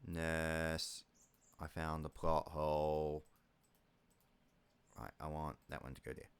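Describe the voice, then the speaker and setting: Low-voiced man rambling over gameplay. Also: clear, resonant tone. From New Zealand. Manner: rambling, wry asides, mutters menu clicks to himself. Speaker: gaming YouTuber. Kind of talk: casual let's-play commentary.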